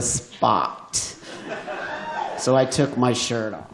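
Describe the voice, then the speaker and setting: A man telling a personal story live to an audience, animated and laughing often as he acts out what people said. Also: medium pitch, takes it slowly, roomy sound, heavy background noise. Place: event venue.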